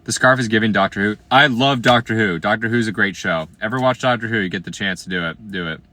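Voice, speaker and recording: A man in his late twenties from Iowa, hosting a casual livestream and riffing on viewer comments. His voice sits a little low but sounds bright and forward, and his talk is playful and slangy, often dropping to quiet asides. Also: fast. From Iowa, USA. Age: 20s.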